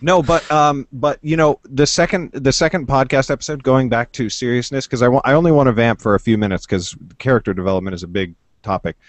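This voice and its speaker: A man's voice: mid-range voice, fast, few pauses, no echo. A man hosting a podcast in casual chat, joking and swearing in a loose, rambling way. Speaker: podcast host.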